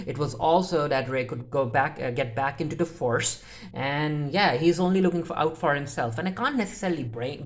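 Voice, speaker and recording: A reviewer recapping a TV episode in a loose, unscripted way, often breaking off with fillers and restarts and retelling each scene through the characters' lines. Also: mid-range voice. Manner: retells scenes in the characters' voices with "he's like" and "she's like". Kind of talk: casual spoken episode recap.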